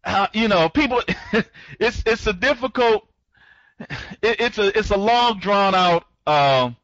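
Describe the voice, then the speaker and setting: A man giving a live online training talk as a program trainer. He rambles, restarts his sentences, greets listeners by name and speeds up when he gets excited. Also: sits high, slow pace, no room sound, lo-fi sound.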